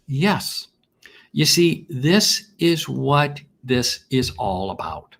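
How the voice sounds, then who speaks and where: A middle-aged American man hosting a live sales masterclass, enthusiastic and full of rhetorical questions and shout-outs to viewers. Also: mid-range voice, lively intonation, takes it slowly, gravelly. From United States. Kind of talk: energetic live-stream teaching.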